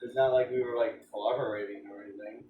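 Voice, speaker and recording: Talking fast in a fairly low, steady voice, a man rambles and jokes with plenty of filler while streaming a game. He sits far from the mic, and the audio is phone-quality, roomy, and off-mic with a faint hum behind it.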